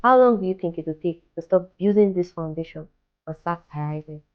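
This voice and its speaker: A woman's voice: lowish voice, brisk, muffled recording. A woman hosting a podcast interview, asking direct questions and repeating them. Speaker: podcast host. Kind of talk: interview host.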